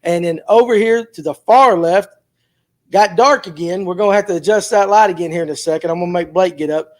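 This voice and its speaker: A man's voice: high voice, fairly quick, darkish tone. A man hosting a casual fishing talk show, loose and joking as he introduces his guests. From Georgia, USA. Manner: loose, joking, fumbling through technical hiccups. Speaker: podcast host. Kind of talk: casual chat.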